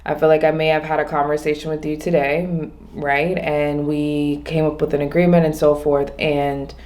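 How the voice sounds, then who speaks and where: Low-voiced woman musing out loud. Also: level tone. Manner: rambling, restarts often, slows on key points. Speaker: vlogger. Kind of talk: casual reflective monologue.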